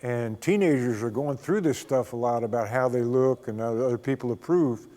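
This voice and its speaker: An older man giving a spiritual talk as a guest speaker, a folksy, unhurried storyteller who often chuckles. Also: mid-range voice, warm tone. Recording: long reverb of a hall.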